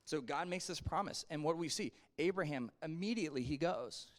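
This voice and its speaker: A man teaching a casual Sunday school Bible lesson, conversational and animated, swinging his voice up and down as he acts out quotes and drops asides to the class. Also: fairly high pitch, fairly quick.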